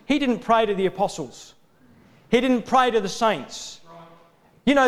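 A man preaching a sermon in a steady, rhythmic cadence, building lists of parallel phrases. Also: high-pitched, moderate pace.

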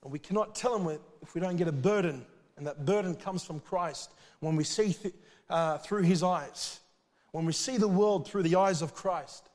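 A man preaching a sermon, earnest and urgent, with sudden loud swells and soft drops. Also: sits high, normal speed, big-room sound.

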